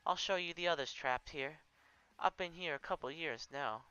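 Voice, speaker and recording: A man voicing a kind, hulking warrior woman with a Southern US accent and a gentle, soothing manner. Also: on the high side, normal speed, smooth, no room sound, dull audio. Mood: consoling.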